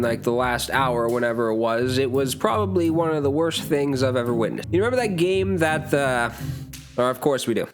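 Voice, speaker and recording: Exasperated ranting male vlogger. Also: high-pitched. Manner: exasperated, rambling, stammering restarts, swearing. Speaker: channel host. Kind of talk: ranting sports reaction vlog.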